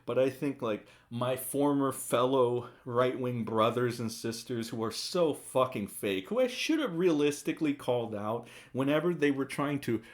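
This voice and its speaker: A man's voice: medium pitch, lively intonation, moderate pace, hardly any pauses. A young man giving a profane, sarcastic rant, reacting to social media posts as a commentary streamer. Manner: profane, sarcastic, mocking voices of others.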